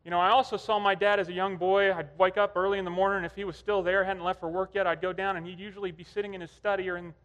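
Brief: male preacher, conversational storyteller, higher pitch, long church reverb. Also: level tone, fast, hardly any pauses, fairly bright tone, lo-fi sound. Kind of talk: sermon.

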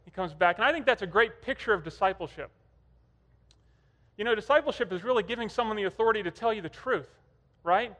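Brief: male preacher, conversational storyteller, higher pitch, long church reverb. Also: lively intonation, fast talker, a bit bright. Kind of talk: sermon.

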